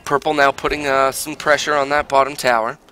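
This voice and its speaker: A man giving solo live commentary on an online game, rising loud and high in fights, with many fillers. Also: level tone, fairly quick, slight background noise. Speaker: esports caster.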